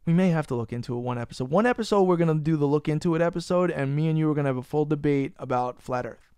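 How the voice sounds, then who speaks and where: Podcast host, New man, higher voice, smooth and clear, foul-mouthed ranter. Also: very fast, darkish tone, no room sound, clean studio sound. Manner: profane, ranting, teasing his co-host. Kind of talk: casual podcast banter.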